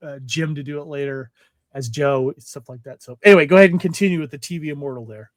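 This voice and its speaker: Man co-host, casual podcast chat, fairly high voice, dry close-mic sound, rambling with fillers. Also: fast talker, no room sound. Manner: rambling, many fillers and restarts.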